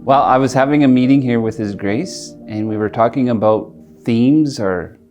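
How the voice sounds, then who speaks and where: A middle-aged man telling a personal story in an interview, earnest and reflective, pausing and restarting as he speaks. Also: medium pitch, a little mellow, faint music behind. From Alberta, Canada. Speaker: interviewee, community leader.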